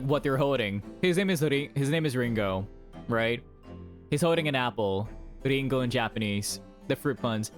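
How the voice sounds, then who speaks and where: Lively, chatty streamer playing a game. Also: medium pitch. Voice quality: chatty, amused, thinking aloud. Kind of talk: casual let's-play commentary. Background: faint game music.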